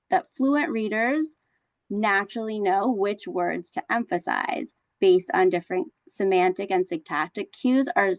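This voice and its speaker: A woman gives an online teacher-training talk over a video call. Her pitch sits in a middle range, and she explains each point earnestly, with many "um"s along the way. The sound is close and dry, with no room echo. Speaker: teacher trainer presenting a webinar. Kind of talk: online professional development presentation.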